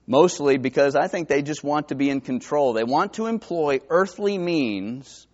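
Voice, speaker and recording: A man from New Jersey with a New Jersey accent, preaching a sermon that swings from hushed to emphatic. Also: on the high side, expressive, normal speed. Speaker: pastor. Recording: dull lo-fi sermon recording.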